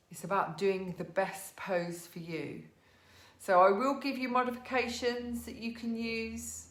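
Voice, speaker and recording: A woman teaching a live online yoga class from her living room, giving gentle, encouraging cues and greeting students by name. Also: medium pitch, echoey room. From England.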